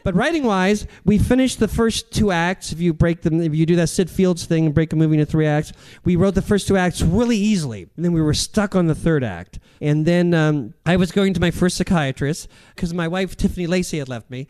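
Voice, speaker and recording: Man, comedian guest, smooth resonant voice, slightly high, rambling anecdotes. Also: fairly quick, few pauses, darkish tone. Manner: rambling, self-deprecating storyteller. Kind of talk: casual anecdotal interview.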